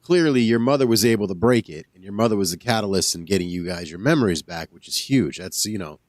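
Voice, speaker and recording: A man's voice: lowish voice, lively intonation, fast, darkish tone, no room sound. A man hosting a podcast, responding to his guests with affirming comments. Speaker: podcast host. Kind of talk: casual chat.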